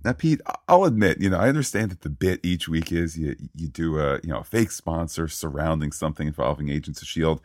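A man's voice: extremely low pitch, brisk, hardly any pauses, dry recording, clean studio sound. A man hosting a casual podcast, bantering playfully with his co-host and leading the show.

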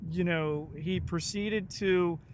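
A man with a fairly high voice co-hosting a casual podcast. He talks very slowly and hesitantly, with dry, sarcastic humor. Faint room ambience can be heard behind him. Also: steady tone, slight background noise. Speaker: podcast co-host. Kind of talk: casual chat.

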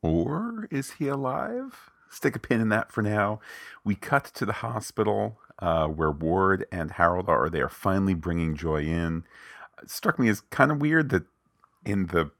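A man's voice: sits low, normal speed, creaky, a bit bright, no echo, studio quality. A man co-hosting a podcast, recapping an episode in a wry, digressive way and retelling scenes with quoted lines. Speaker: podcast co-host.

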